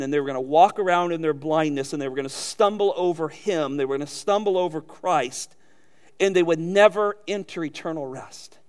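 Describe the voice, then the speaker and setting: A man delivers a sermon in a notably high voice. He rises to emphatic, louder peaks, then drops into quiet, low asides. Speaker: pastor.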